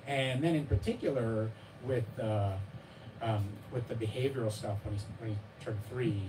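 Speaking at a moderate pace in a mid-range voice, a man discusses his memoir at a live bookstore event, rambling and poking fun at himself with lots of fillers and restarts. He laughs as he acts out the voices of his child and his readers. The distant mic picks up room ambience and background noise.

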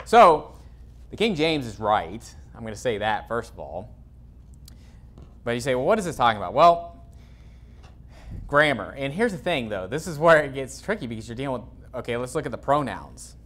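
A male pastor giving an expository sermon in a loose, conversational way, full of fillers, reading scripture aloud slowly. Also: medium pitch, very animated, fairly bright tone. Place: church.

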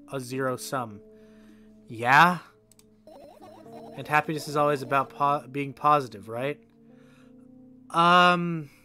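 A man with a bright, forceful voice reads a game's text aloud during a stream. He mixes the game lines with his own sarcastic remarks and cursing. Faint music plays softly behind him. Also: medium pitch. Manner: sarcastic asides, swears at the game.

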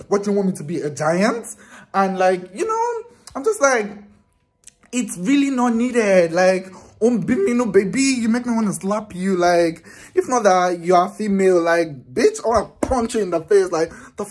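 A man, a vlogger telling a story in an animated, exasperated, profane casual rant. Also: high voice, normal speed, breathy edge.

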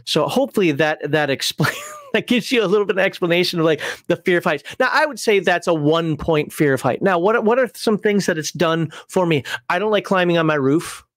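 A man's voice: high-pitched, expressive, a little fast, a bit bright, no echo, studio quality. A middle-aged man hosting, explaining game rules through a personal story, laughing at himself and restarting his sentences.

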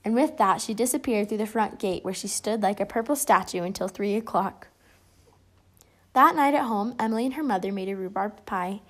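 A woman reading a children's picture book aloud in a lively, expressive way. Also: mid-range voice, brisk. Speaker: storybook reader.

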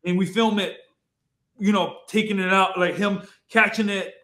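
A high-pitched man tells his story as a podcast guest. He talks in an excitable, rambling way, swearing freely and repeating phrases. The recording has a noticeably roomy echo. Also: moderate pace. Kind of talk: casual storytelling.

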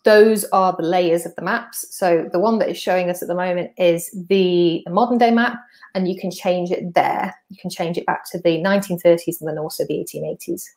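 A woman's voice: on the low side, steady tone, fairly quick, a little mellow. A woman from North Wales, hosting a podcast and chatting through her slides step by step. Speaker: podcast host. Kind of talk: casual explanatory walkthrough of slides.

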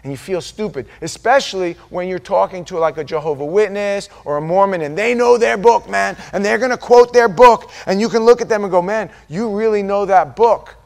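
A high-pitched American man delivers a sermon with lively energy. He acts out quoted voices and sometimes falls to a low, quiet aside before climbing back up. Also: brisk, vocal fry, hardly any pauses. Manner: animated preaching with quoted voices and sudden soft drops. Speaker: pastor.

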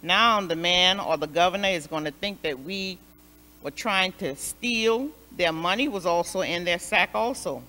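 Brief: woman Sunday school leader, slow and bright, storytelling with emphatic repeats, reverberant church hall. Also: fairly low pitch. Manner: expressive, repeats phrases for emphasis. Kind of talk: Bible lesson storytelling.

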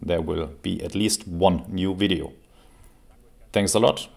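Creaky low-voiced man. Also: measured pace. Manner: relaxed, explanatory, with frequent fillers. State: recovering from a cold. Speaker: airgun reviewer. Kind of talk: casual product review. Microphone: camera mic while seated.

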